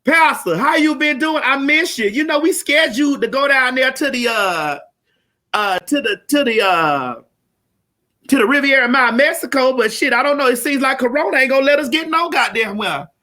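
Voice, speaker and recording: A woman hosting a live-streamed comedy talk show, loud, brash and profane, hollering at her audience. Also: high voice, lively intonation, moderate pace. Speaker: host.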